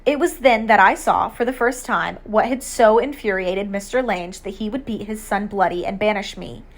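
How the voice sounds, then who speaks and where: A woman reading an audiobook aloud, measured storytelling narration in the first person. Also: mid-range voice.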